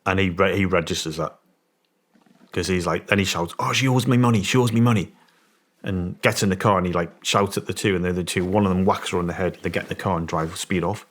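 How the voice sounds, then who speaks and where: Low-voiced and fast, with a level tone, a former special forces man tells a story as a guest in casual talk. It comes out in a rambling way, full of fresh starts and emphatic assertions.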